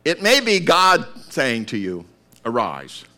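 A man preaching a sermon, acting out voices and breaking into shouted calls to get up. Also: mid-range voice, big pitch swings, unhurried.

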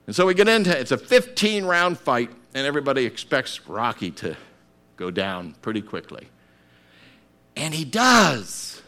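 A man preaching a sermon, acting out voices and breaking into shouted calls to get up. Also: medium pitch, very animated, moderate pace.

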